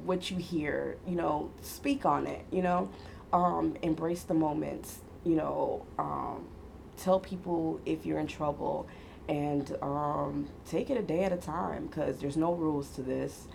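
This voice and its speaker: A woman in her fifties with a low, gravelly voice tells family stories in casual conversation. She talks animatedly, slipping into other people's voices and laughing often. Faint background noise sits under her voice. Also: fairly even intonation, unhurried, darkish tone. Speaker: guest mother.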